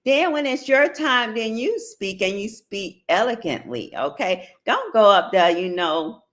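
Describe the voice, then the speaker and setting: Checking in with listeners, a middle-aged woman hosts a casual advice show about relationships, blunt and full of profanity, in an African American Vernacular English accent. Her medium-pitched voice is animated and fairly bright, and she speaks a little slowly.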